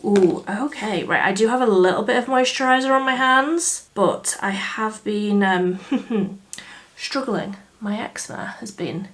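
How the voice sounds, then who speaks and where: Beauty vlogger, Yorkshire woman, chatty and excited, unhurried delivery, mid pitch. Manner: chatty, enthusiastic, with frequent fillers and laughs. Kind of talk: casual makeup review chat. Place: indoors under artificial light.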